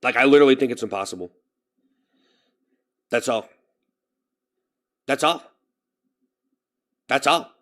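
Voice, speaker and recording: Young male streamer, mid-pitched, rambling and downcast, casual live chat. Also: measured pace, pauses often. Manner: dejected, rambling, repeats himself.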